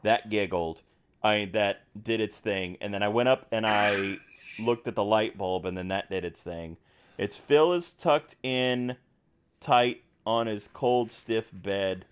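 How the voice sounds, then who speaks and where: Young american guy streaming, slow rambly chat, lots of uh and um. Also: on the low side, smooth. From United States. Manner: rambling, many fillers and restarts. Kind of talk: casual gameplay chat.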